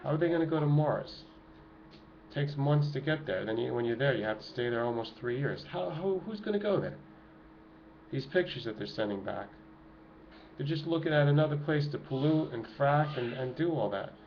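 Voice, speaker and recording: A middle-aged activist vlogger, speaking from home with kids close by, preaches to viewers in an emotional, urgent, impassioned monologue. His mid-range voice is expressive and at normal speed, and the lo-fi home recording is dull and noisy.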